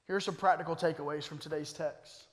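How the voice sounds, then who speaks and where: High-pitched pastor guy preaching, chatty then punchy, big echoey church. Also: steady tone, fast talker. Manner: preaching that builds to forceful emphasis; conversational asides with humor. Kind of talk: sermon.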